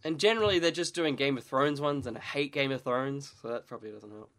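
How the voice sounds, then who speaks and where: A man chatting casually as a podcast co-host, groggy after a late night, talking in a halting way with restarts and quick laughs. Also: medium pitch, fairly bright tone. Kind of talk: casual chat.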